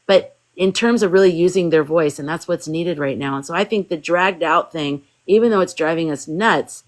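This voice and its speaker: A woman with a somewhat low voice talks casually on a live chat. She rambles through a long story and drops into the characters' lines as she goes. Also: a little fast, few pauses, rough recording. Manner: rambling storyteller, acts out quotes. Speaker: guest on a live spiritual chat.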